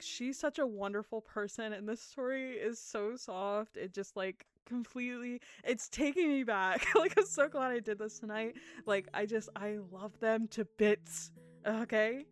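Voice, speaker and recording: A woman streaming a game live, talking to her chat in an excitable, gushing way, laughing often and swearing casually. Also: fairly high pitch.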